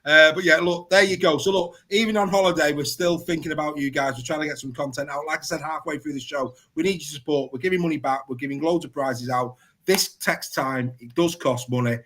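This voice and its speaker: A man's voice: a little high, steady tone, a little fast, fairly bright tone. A man hosting a sports podcast, wrapping up the show in a chatty, casual way and often repeating himself. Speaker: podcast host. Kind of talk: casual live show sign-off.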